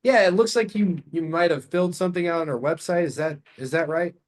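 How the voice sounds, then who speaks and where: A man playing a friendly phone caller who talks in a calm, relaxed, curious way, raising his voice well above his usual pitch. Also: moderate pace, husky.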